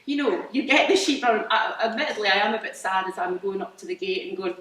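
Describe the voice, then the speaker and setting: A woman from Scotland talks quickly about the farm she runs, enthusiastic and informal, with frequent fillers and false starts. Her mid-range voice is a bit bright, recorded from a distance in a spacious hall.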